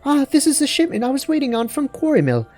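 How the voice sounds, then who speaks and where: A chatty woman merchant from a fantasy game, voiced by a man pitched way up with a put-on British lilt. The tone stays soft and mellow beneath the raised pitch, gossipy and friendly as she grumbles about the dangers nearby. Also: sing-song, fast talker, faint music behind. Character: chatty woman merchant, high and sing-song.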